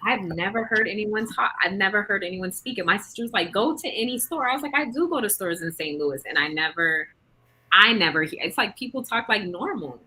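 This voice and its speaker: A woman's voice: medium pitch, expressive, a little fast, pushed and bright, breathy edge, low-quality recording. A woman raised in England, casually chatting as host and leaning on lots of filler words. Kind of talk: casual group chat.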